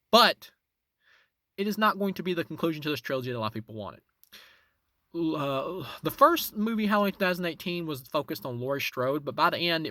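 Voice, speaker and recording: Animated man giving a film review. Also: no echo, studio quality. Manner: animated, voice jumps up high for emphasis. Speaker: movie reviewer, channel host. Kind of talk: casual spoken film review.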